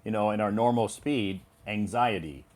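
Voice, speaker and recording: Relaxed male English teacher. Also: on the low side. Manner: relaxed, agreeable, models words slowly. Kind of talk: live online English lesson.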